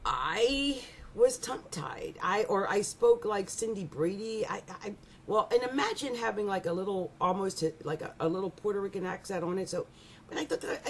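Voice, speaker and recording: Woman astrologer, gravelly voice, lively swooping pitch, rambling chat, faint noise behind. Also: fairly quick. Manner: animated, rambling, with frequent laughs and restarts. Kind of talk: casual monthly astrology reading.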